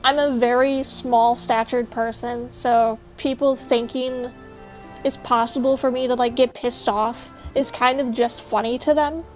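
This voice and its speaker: A woman's voice: a little high, fairly even intonation, unhurried, soft background music. A young woman streaming, chatting casually and ranting bluntly with jokes to her chat. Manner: blunt, joking rants to chat.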